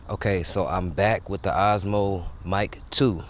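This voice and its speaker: Outdoors, a gear reviewer runs a casual microphone sound test on a wireless clip-on mic, talking loosely and rambling to viewers. His low voice has fairly even intonation and a measured pace, with a little hiss or hum and faint ambience of people around.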